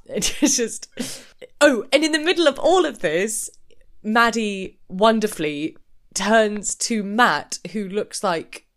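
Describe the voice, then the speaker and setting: A woman's voice: mid-range voice, slow pace. A woman co-hosting a podcast, chatting casually and acting out the people she quotes. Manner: animated storyteller who acts out quoted people. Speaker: podcast co-host. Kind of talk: casual chat.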